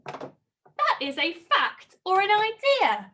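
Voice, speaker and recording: A woman's voice: high voice, very animated, slow, bright, forceful tone, slight background noise. A woman primary school teacher giving a recorded online lesson, encouraging and sing-song as she reads and asks questions. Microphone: computer mic while screen-sharing.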